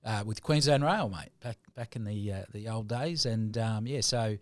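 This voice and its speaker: A man's voice: on the low side, moderate pace, dry recording. Middle-aged kiwi-born plumber guy on a podcast, joking around, mate every line, dry audio. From New Zealand. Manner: jokey, laughing, says mate a lot. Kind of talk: casual podcast chat.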